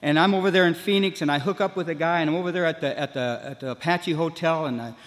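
A man with a somewhat high voice tells his recovery story to a meeting, wandering and looping back with "you know" and many restarts. He slips into other people's voices as he goes. The sound rings out with a long hall reverb. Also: fast talker. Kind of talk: personal recovery story told to a room.

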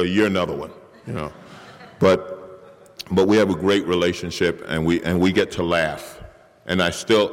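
A deep-voiced middle-aged man speaks candidly at a recovery meeting, poking fun at himself and now and then acting out the voice in his head. His words ring out with a long reverb, as if from a meeting hall. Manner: candid, self-mocking, acts out inner voice. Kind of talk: personal recovery share.

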